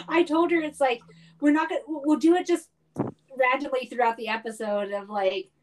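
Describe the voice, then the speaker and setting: A woman's voice: sits high, moderate pace, long pauses, a little hiss or hum, rough recording. A woman co-hosting a podcast, teasing and giggling in casual chat.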